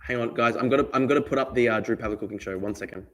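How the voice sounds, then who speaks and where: Rapid-fire and mid-range, this young Australian streamer chats casually on his live stream, responding to his chat and frequently repeating himself.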